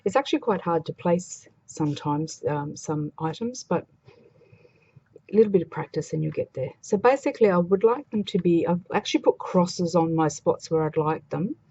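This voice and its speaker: A woman's voice: lowish voice, expressive, normal speed, mellow, breathy edge, muffled recording. A woman demonstrating a craft project in a chatty, casual way, thinking aloud as she works. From Australia.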